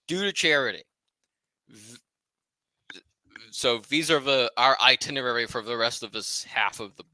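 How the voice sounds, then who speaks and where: A man's voice: medium pitch, pushed and bright, no room sound. A man co-hosting a podcast book club, reading dense philosophy passages aloud and commenting on them casually, cursing and laughing at himself. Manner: reads passages then comments loosely, swears and laughs at himself.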